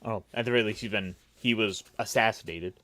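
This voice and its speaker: A man's voice: on the low side, fairly even intonation, fairly quick, fairly bright tone, no room sound. A man hosting a casual roundtable chat, recapping with wry, mocking asides. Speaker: podcast host.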